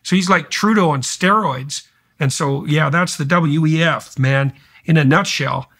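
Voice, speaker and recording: Gravelly, emphatic male podcast host. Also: fairly high pitch, a little slow, fairly bright tone. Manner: emphatic, heated commentary in long run-on sentences. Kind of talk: casual conversational podcast talk.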